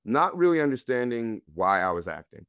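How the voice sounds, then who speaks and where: A man's voice: mid-range voice, sing-song, brisk, fairly bright tone, clean tone, no echo. A man from North Carolina, an actor guest, earnestly and candidly telling his own story in a conversation.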